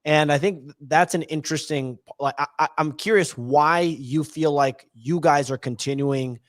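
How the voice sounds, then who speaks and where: A man's voice: fairly high pitch, moderate pace, no echo, studio quality. A man co-hosting a casual podcast, chatting, reading out comments and asking the guest questions. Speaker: podcast co-host.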